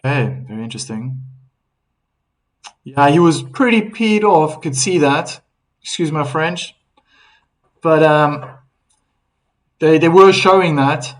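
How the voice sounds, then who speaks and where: A man calling a tennis match live on a stream, chatty and relaxed, reading out viewer comments and laughing now and then. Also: on the high side, takes it slowly, long pauses, poor audio. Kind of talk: casual live play-by-play commentary.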